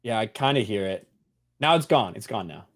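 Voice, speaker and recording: A man's voice: lowish voice, animated, a little fast. Profane joking male stream host. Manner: loose, profane, joking introductions. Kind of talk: casual live stream chat. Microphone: headset.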